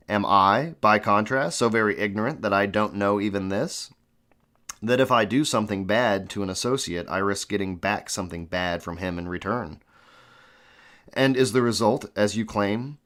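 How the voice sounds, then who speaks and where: A man's voice: lowish voice, fairly bright tone. A man reading a classic philosophical dialogue aloud, with an earnest, questioning delivery and the odd restart. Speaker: reader of classic texts.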